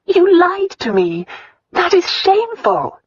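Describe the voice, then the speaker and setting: An earnest, defiant young noblewoman, voiced by a woman narrator, her lines lifted well above a plain reading voice. She pleads and bristles in lively, swooping tones with a faint husk. The audiobook recording sounds dry and a little dull. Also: a little high, moderate pace, husky, dry recording, voice pushed up. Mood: indignant. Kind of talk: audiobook dialogue.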